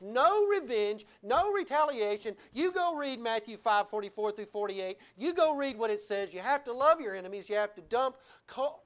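A male pastor with a lilt delivers a lively sermon. His voice swings from low, quiet asides to bright, loud declarations, broken by laughing remarks. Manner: animated, laughing asides, wide swings in pitch and loudness.

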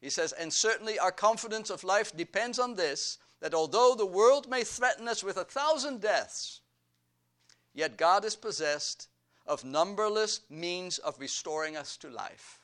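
A male pastor delivers a sermon at an unhurried pace. His voice sits high for a man, and he leans on repetition to build emphasis line by line. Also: expressive, fairly bright tone. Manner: slow, deliberate preaching with emphatic repetition.

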